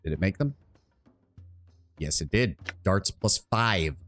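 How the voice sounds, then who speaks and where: A man's voice: deep voice, lively intonation, slow pace, a bit bright, soft background music. A man streaming a game, talking through it in a rambling, profane, self-mocking way. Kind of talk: live game commentary.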